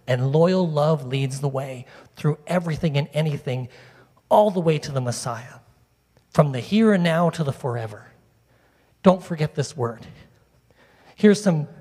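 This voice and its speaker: Male preacher, chatty and animated with the congregation, slightly high pitch, recorded in a big echoing hall. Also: husky. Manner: animated, conversational, talks directly to the congregation. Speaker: pastor. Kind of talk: sermon. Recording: long reverb of a large hall.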